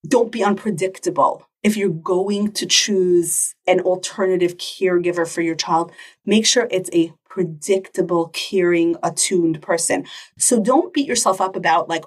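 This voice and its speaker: A middle-aged woman hosts a podcast in a casual, animated way, with a husky, slightly breathy voice. She sits a little back from the microphone, so her voice sounds somewhat distant. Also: on the low side. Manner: animated, acts out quick parent-child exchanges. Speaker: podcast host.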